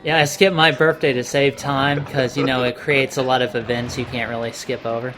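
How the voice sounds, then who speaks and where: A man's voice: medium pitch, level tone, fairly quick. A man dropping dry, wry quips during a casual game playthrough. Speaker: co-commentator. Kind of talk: casual gaming commentary.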